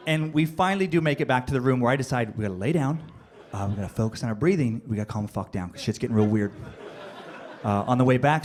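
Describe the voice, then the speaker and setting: A man doing stand-up, telling a rambling, profane story with fillers and bursts of high yelling when he acts out moments. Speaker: stand-up comedian. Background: audience laughter.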